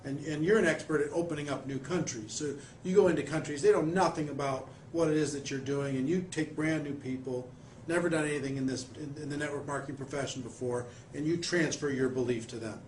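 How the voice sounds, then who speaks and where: A fairly high-voiced man hosts the interview in a coaching manner, building long questions for his guest. The room adds a noticeable echo, and faint background noise sits under his voice. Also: steady tone, fast talker, a little mellow. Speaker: interviewer, network marketer. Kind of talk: conversational interview.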